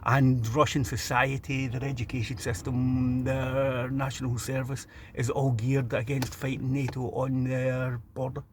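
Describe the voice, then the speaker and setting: A man's voice: mid-range voice, flat delivery, measured pace, hardly any pauses, a little mellow, slight background noise. A middle-aged Scottish man delivering a blunt, ranting opinion monologue, stumbling over repeated restarts. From Scotland. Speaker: vlogger.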